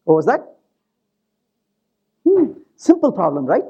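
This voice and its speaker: A male conference presenter with a fairly high, mellow voice that swings up and down a lot. He jokes and keeps checking in with the audience. The recording is dull and lo-fi. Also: slow, husky. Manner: animated, joking, keeps asking the audience "right?". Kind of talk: live technical conference talk.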